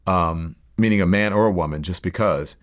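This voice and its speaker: A middle-aged man telling his life story in a sit-down interview, reflective and halting, with many fillers and restarts. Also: deep voice, fairly bright tone. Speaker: interview guest.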